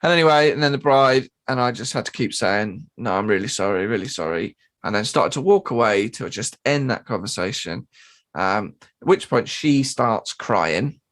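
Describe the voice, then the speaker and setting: A man tells a story on a casual podcast, his pitch leaping around as he talks. He swears freely and jumps into high, squeaky impressions of other people. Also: moderate pace. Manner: animated, sweary, mimics people in high voices. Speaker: podcast co-host and drummer.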